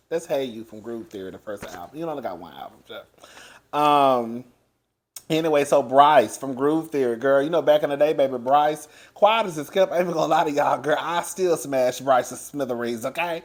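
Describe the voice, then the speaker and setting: A man giving a casual recap of a reality show, loud and animated, laughing often and chatting straight to his listeners. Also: mid-range voice, a little fast. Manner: chatty, addresses listeners as girl. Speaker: TV show reviewer.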